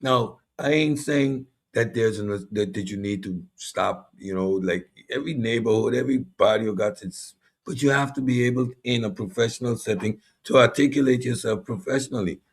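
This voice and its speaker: A man with a Caribbean accent hosting a casual panel talk, animated and drawing out key words. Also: mid-range voice, normal speed, husky. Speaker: podcast host.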